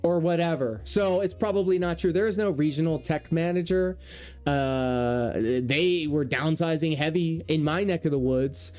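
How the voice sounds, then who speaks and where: A man's voice: a little high, normal speed, darkish tone, clear, resonant tone, soft background music. Sarcastic, profane man reacting to a clip. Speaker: reaction commentator, former cable technician. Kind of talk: casual reaction commentary.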